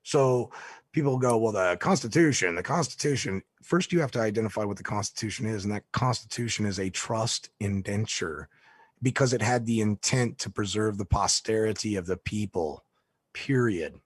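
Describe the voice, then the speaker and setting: Man, husky, emphatic, lecturing, dry close sound. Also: fairly low pitch, normal speed, no echo. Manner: emphatic, lecturing, declares points flatly. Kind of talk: conversational interview.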